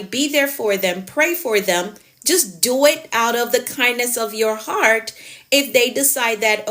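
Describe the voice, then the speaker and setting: A woman productivity coach giving a live coaching talk, emphatic and animated, stressing her points with sudden lifts. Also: fairly high pitch, a little slow.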